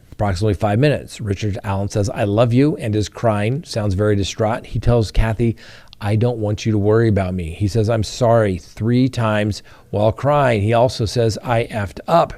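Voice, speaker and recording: Low and dark in tone, this male host of a crime news program walks viewers through the rules of the courtroom. Speaking straight to his audience, he reads out testimony from the trial as part of his legal analysis.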